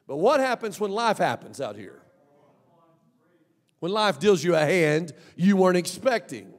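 A man preaching a sermon as pastor, swinging from loud shouts to low mumbled asides. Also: sing-song, a little slow. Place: church sanctuary. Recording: long church hall reverb.

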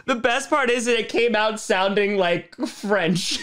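A man's voice: high-pitched, fairly even intonation, takes it slowly, a bit bright. A man streaming his reaction to a football game, caught in a laughing fit and giggling through his words. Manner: giggly, keeps breaking into laughter. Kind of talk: casual live-stream reaction.

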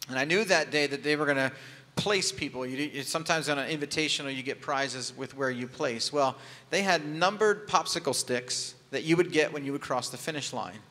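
A pastor with a fairly high, pushed, bright voice speaks a little fast as he tells a personal story in his sermon, keeping it candid, conversational, and lightly humorous. The church sanctuary gives the recording a long hall reverb.

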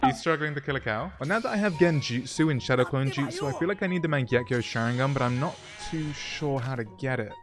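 With faint music in the background, an excitable young man provides voice-over commentary on his video game session as a gaming YouTuber. His middle-pitched delivery is full of rapid jokes and digs at himself.

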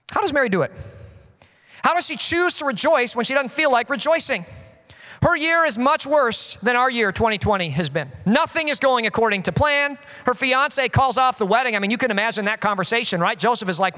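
A man in his thirties, a pastor preaching a sermon and telling stories in an animated, joking way with acted-out quotes. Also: extremely high pitch, fairly quick, in a large hall. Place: church.

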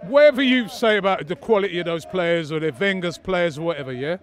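A man's voice: sits high, fast. A man interviewing a fellow fan after a match, interjecting and arguing his point. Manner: interjecting, pushes back, keeps asking for a second. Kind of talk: post-match fan debate.

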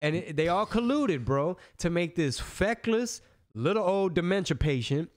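Slangy, animated man podcasting. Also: high voice, normal speed. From Texas. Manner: animated, slangy, restarts sentences often. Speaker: podcast host. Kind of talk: casual political chat.

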